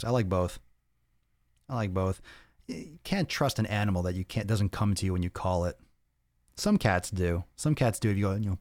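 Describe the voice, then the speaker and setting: A man in his thirties hosts a casual live-stream Q&A and answers viewer comments. His voice sits low, and he talks in a blunt, profane, joking way. The sound is dry, with no room echo. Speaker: podcast host answering viewer questions.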